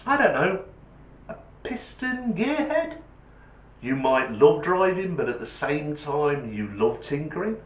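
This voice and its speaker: A man's voice: a little high, reverberant. A man hosting a car channel, chatting casually to camera and joking with viewers. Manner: chatty, jokey, asks viewers directly.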